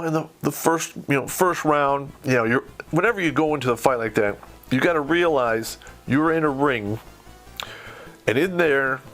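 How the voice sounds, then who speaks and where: A middle-aged podcast host from Michigan, USA, with a mid-range, fairly bright voice, tells a war story. His talk is casual and blunt, heavy with profanity.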